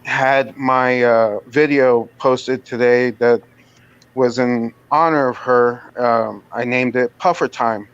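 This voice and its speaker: A man speaks haltingly and sincerely, pausing often with fillers. His voice sits at a middle pitch, and the stream audio sounds dull and lo-fi. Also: steady tone, clean tone. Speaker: channel moderator. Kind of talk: casual memorial remarks on a live stream.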